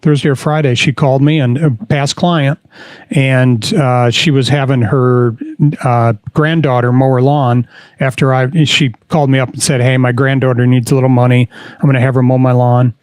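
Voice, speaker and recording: A man's voice: medium pitch, little pitch movement, moderate pace, a little mellow, clean tone, dry recording. Easygoing male co-host telling stories. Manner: easygoing storyteller, reads posts aloud with fillers. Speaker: podcast co-host. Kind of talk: casual podcast chat.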